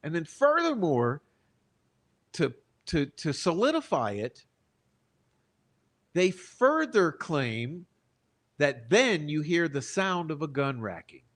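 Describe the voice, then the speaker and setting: A man's voice: on the high side, very animated, a bit bright. A man hosting true-crime commentary, reading out trial testimony and arguing emphatically, often asking "okay?" and "right?" to press his point. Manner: emphatic, rhetorical, seeks agreement with repeated "okay?" and "right?"; deliberate, stretches key words for emphasis. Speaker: channel host and commentator.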